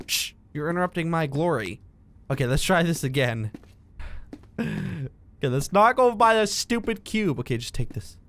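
A young man giving jokey let's-play commentary, talking to himself and yelping at the game. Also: a little high. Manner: jokey, talks to himself, bursts into yelps and shouts at the game. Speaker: gaming video creator.

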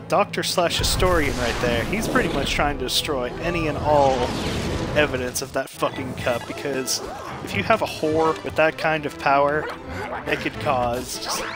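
A man streaming a game, giving crude, joking commentary full of swearing. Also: medium pitch. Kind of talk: comedic gameplay commentary.

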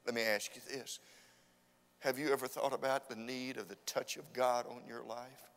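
A man preaching a revival sermon with fervent, repetitive emphasis that rises to loud urging. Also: mid-range voice, little pitch movement, normal speed. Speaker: visiting preacher. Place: church sanctuary. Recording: long church hall reverb.

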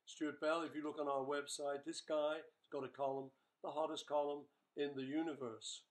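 An older man chats loosely and jokingly, filling his answers with "you know" and "uh". His speaking voice sits a little high for a man. He sounds relaxed and easygoing, like a musician talking with his band. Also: normal speed. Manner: chatty, jokey, rambling with fillers. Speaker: rock musician answering fan questions. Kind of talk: casual webchat with bandmates.

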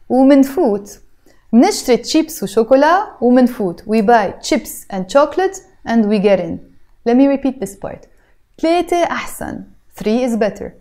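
Lebanese-accented woman, language teacher, mellow tone, patient and deliberate, exaggerates pronunciations for learners. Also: mid-range voice. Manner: slow, careful explanations with exaggerated model pronunciations. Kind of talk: spoken language lesson.

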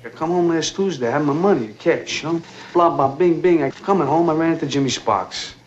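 A reckless young hustler, played by an actor, tumbles through excuses in a rapid, slightly high voice, full of fillers and restarts. The sound is a dull, muffled 1970s film soundtrack with faint music underneath. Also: male voice, close to an everyday voice. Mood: rambling excuses. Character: reckless young male street hustler, rambling, evasive. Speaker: film character.

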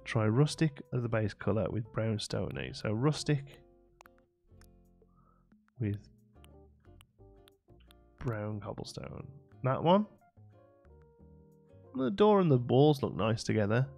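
A man's voice: mid-range voice, sing-song, takes it slowly, gravelly, long pauses, a little mellow, faint music behind. A man chatting with viewers during a late-night live game stream, thinking aloud and laughing often.

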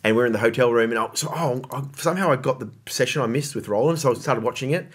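A man hosting a podcast in casual chat, telling stories in an animated way with quick restarts. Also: medium pitch, breathy edge. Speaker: podcast host.

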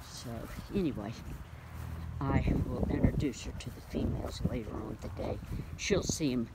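A man's voice: medium pitch, moderate pace, heavy background noise. A man with a Southern US accent giving a rambling, casual farm vlog outdoors, calling out to his dogs and chuckling now and then. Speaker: dog breeder and farmer. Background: dogs and outdoor farm sounds.

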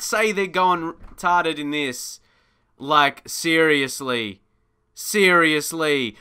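A young man commentating his own football video game, excitable and quick to rant in frustration. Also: on the high side, smooth. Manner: excitable, swings into frustrated shouting and rants. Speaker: gaming YouTuber. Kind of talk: live gameplay commentary.

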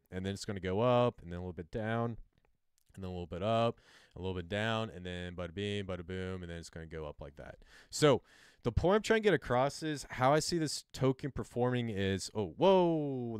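A medium-pitched, smooth male voice comes through in echo-free studio quality. He's a crypto livestream host giving a casual explainer while drawing a chart on screen, chatting loosely and making self-mocking asides.

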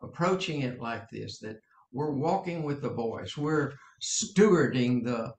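An older man teaching a sermon in an earnest, halting way, with many fillers and repeats. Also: mid-range voice, animated, a little mellow, roomy sound. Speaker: preacher.

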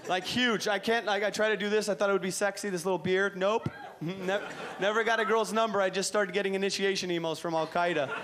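A man from Iran doing live stand-up comedy as host, energetic, profane and teasing the crowd. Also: sits high, a little fast. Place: comedy club stage. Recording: noisy club with crowd laughter.

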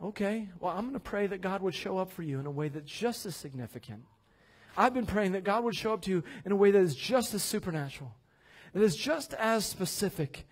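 A man preaching a sermon as pastor in a church, animated, acting out quoted voices and rising to loud declarations. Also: high-pitched, a little fast. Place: church sanctuary.

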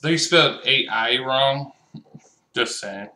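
A bright, forceful young man doing loose gameplay commentary. He jokes and swears freely and calls out to the other players as he plays. He talks slowly, with unhurried pauses. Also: mid-range voice, roomy sound.

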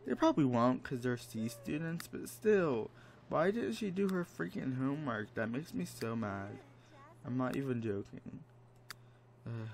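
A man's voice: medium pitch, gravelly, a little mellow, a little hiss or hum. A man giving casual commentary while playing a life-sim game, exasperated and dramatic, mock-scolding the characters. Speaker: let's play gamer. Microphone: desk microphone.

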